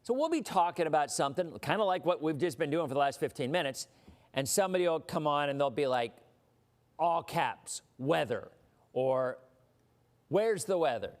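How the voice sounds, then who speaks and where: A man's voice: a little high, lively intonation, fast talker. A man hosting a weather livestream, chatting casually in a rambling way with mock-indignant asides.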